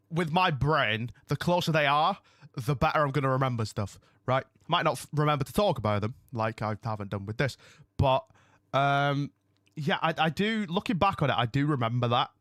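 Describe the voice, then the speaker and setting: Rambling male streamer, mid pitch, chatty and meandering, close dry sound. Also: a bit bright, no echo. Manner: rambling and chatty, loses his train of thought. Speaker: streamer hosting a wrestling watch-along. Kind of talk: casual live-stream chat. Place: home room.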